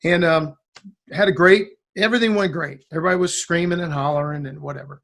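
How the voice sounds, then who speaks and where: A man with a fairly high speaking voice tells a long story from his past in casual conversation. He rambles and restarts often, and he acts out the lines of the people in the story. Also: quick pace, vocal fry, fairly bright tone. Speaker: guest musician.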